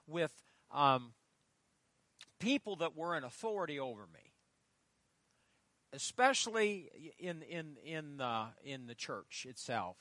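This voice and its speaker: Middle-aged male pastor, bright clear voice, dry close sound, storytelling sermon, punchy then hushed. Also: fairly high pitch, big pitch swings, slow pace, pauses often, no room sound. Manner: storytelling, swings between loud emphasis and quiet asides. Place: church.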